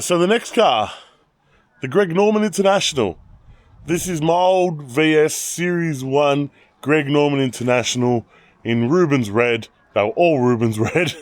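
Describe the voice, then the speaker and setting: A man with an Australian accent, chatting casually and rambling as he walks through his car collection, telling animated stories. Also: fairly high pitch, normal speed, no room sound. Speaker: channel host. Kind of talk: casual car walkaround vlog.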